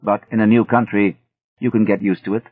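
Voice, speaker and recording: A man's voice: fairly low pitch, fairly quick, dry recording, lightly acted. A man doing a grave bearded villager. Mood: earnest. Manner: steady, blunt and earnest. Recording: thin phone-like audio.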